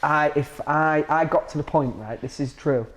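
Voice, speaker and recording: A man's voice: a little high, moderate pace. A man with a Grimsby accent, an actor chatting as a guest, rambling with many restarts. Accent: Grimsby, Lincolnshire. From England. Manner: rambling, restarts often, says "it's kind of like". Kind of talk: casual chat.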